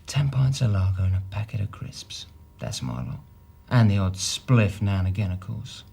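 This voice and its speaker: A defensive city trader with a Cockney accent, held as a suspect in a TV police drama. His voice is gravelly and husky. He dodges questions with a guarded edge. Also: fairly low pitch, animated, normal speed, mellow, full character voice. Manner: defensive, evasive. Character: evasive young male city trader suspect.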